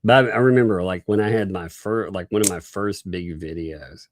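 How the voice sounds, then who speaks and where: A man's voice: sits low, normal speed, a little hiss or hum. A man with a Southern US accent hosting a casual livestream, laughing often and reading viewer messages aloud. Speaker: livestream host.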